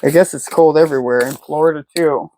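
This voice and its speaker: A woman's voice: sits low, quick pace, dark tone, poor audio. Chatty woman giving a rambling tarot reading. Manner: rambling, filler-heavy, chatty. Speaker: tarot reader. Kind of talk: casual tarot reading chat. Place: at home.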